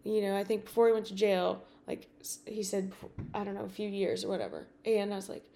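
A woman podcast host telling a personal story in a casual, animated way, with many fillers and acted-out dialogue. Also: medium pitch, brisk, gravelly.

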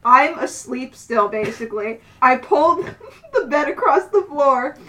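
A woman's voice: sits high, animated, unhurried, sharp tone. A young woman co-hosting a podcast, chatting casually and telling stories in a teasing, chatty way. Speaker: podcast co-host. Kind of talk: casual chat.

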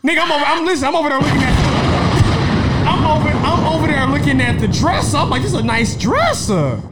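A man telling a story in casual chat, animated and laughing often as he acts out the people in it. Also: very high-pitched, a little fast, heavy background noise.

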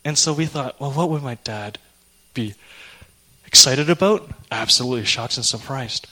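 A young man preaching a sermon, telling an emotional personal story in an animated way. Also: mid-range voice, moderate pace.

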